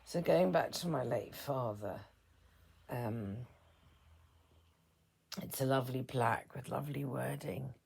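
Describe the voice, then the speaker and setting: A woman in her fifties speaking a personal reflection as a vlogger, soft-spoken and halting, her words often trailing into a whisper. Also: extremely low pitch, vocal fry, slightly rough. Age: 50s.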